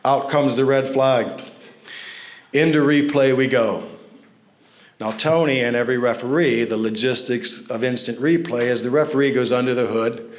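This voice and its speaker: A man's voice: mid-range voice, fairly even intonation, normal speed. A man speaking at a fundraising event, telling anecdotes with self-deprecating humor into a stage microphone. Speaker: NFL referee and guest speaker. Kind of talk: storytelling speech at a fundraiser. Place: large banquet room at an event. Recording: echoey event hall.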